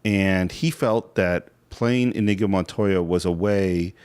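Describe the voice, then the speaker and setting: A man's voice: sits low, slow, darkish tone, clear, resonant tone. A man co-hosting a film podcast, retelling scenes in earnest, heartfelt detail. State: moved, emotional. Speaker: podcast co-host. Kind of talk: casual film discussion.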